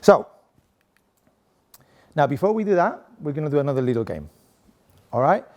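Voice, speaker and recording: A middle-aged professor with a Spanish accent gives a playful, chatty, interactive talk to an audience seated at desks, often tagging lines with "okay?". His voice is fairly high, sing-song and a little mellow, at a moderate pace.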